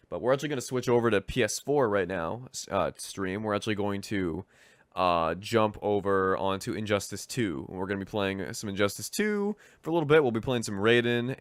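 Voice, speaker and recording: A man's voice: on the low side, no echo. A young man chatting casually as a game streamer, rambling with lots of fillers. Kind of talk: casual gaming commentary.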